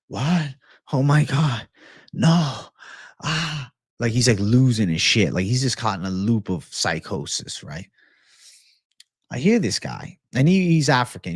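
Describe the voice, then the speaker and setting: Animated man hosting a livestream. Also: fairly low pitch, no echo, clean studio sound. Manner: animated and profane. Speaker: livestream host. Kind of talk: casual livestream chat with viewers.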